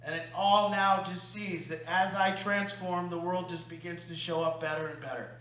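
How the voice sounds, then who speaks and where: A man coaches a recovery group in an emphatic, confessional way. His voice is high and bright, and it swings between loud bursts and quiet, hushed stretches. The room is echoey, with a faint hum behind him. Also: steady tone, moderate pace. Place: meeting room.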